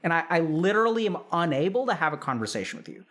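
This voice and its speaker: Animated man with a lively voice. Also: on the high side, quick pace. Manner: animated, acts out dialogue. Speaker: host. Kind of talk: casual advice talk on stream.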